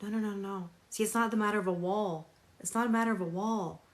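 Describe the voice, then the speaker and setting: A woman's voice: medium pitch, fast. A woman tarot reader on a live stream, talking emphatically, repeating phrases for stress and greeting viewers by name.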